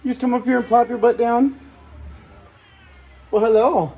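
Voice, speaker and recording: A man on a patio talking to his cat in a soft, sing-song pet voice. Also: very high-pitched, fairly even intonation, normal speed, highs cut off. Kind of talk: casual talk to a pet. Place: outdoor patio.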